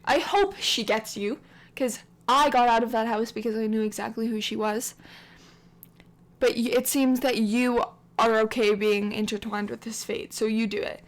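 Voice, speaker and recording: A woman's voice: on the high side, fairly even intonation, normal speed, close to an everyday voice. A woman voicing a bitter, estranged grown daughter who speaks bluntly and indignantly, in a life-sim story narration. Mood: angry. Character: bitter estranged adult daughter, warning then scolding.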